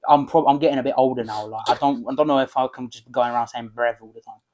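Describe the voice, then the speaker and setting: A man's voice: medium pitch, steady tone, quick pace, a little mellow. A young English man co-hosting a casual chat, slangy, swearing freely and cracking dry quips. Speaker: podcast co-host.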